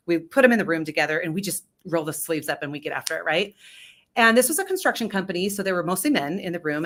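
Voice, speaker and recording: A woman with a slightly low voice speaks as a leadership coach in an interview. She talks candidly and with emphasis, often tagging her points with "right?" to pull the listener along. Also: fairly bright tone. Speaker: leadership coach and business founder. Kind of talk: storytelling in an interview.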